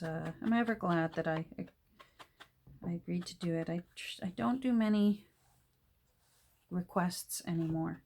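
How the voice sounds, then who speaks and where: A woman's voice: lowish voice, a little mellow. A middle-aged woman from Canada chatting casually and rambling as she works on a handmade journal, often trailing off mid-sentence. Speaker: journal maker. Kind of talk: casual chat while crafting. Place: home craft table.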